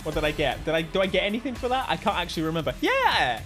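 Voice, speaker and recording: A man with an English accent giving excitable live commentary on a racing game, often yelping and shouting. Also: fairly high pitch, very fast, faint music behind. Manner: excitable, bursts into yelps and shouts. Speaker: gaming YouTuber.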